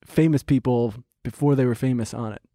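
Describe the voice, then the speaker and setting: A man's voice: mid-range voice, brisk, dark tone, dry recording, studio quality. A man from New Jersey co-hosting a podcast, dropping wry asides and bits of trivia. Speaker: podcast co-host. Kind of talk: casual comedic chat.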